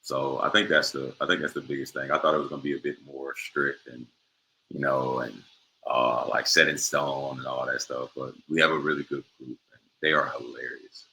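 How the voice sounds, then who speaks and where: A man's voice: extremely low pitch, level tone, normal speed, sharp tone, slight background noise, low-quality recording. A young man, a professional basketball player, answering interview questions in a laid-back way with many fillers.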